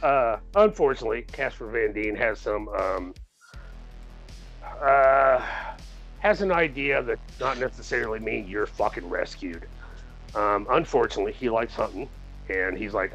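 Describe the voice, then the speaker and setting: A man's voice: lowish voice, normal speed, a bit bright, faint music behind, low-quality recording. A man co-hosting a podcast, casually reviewing a movie in a rambling, profane way, laughing often and acting out the characters. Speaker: podcast co-host.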